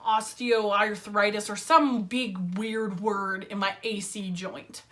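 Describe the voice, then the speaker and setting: A woman's voice: medium pitch, steady tone, takes it slowly, fairly bright tone. A woman telling a casual story-time vlog in a chatty, filler-heavy way, with wry sarcasm. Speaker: vlogger.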